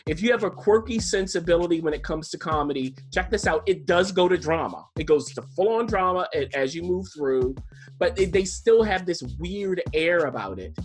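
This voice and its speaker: A man's voice: high voice, lively intonation, normal speed, faint music behind. Chatty man rambling through a TV review. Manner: chatty, enthusiastic, rambling with frequent restarts. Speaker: podcast co-host reviewing TV. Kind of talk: casual TV review chat.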